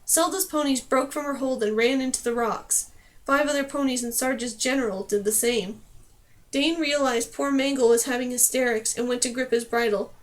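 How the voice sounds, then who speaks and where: A woman reading a fantasy novel aloud, in steady, clear scripted narration. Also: high voice, moderate pace. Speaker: audiobook reader.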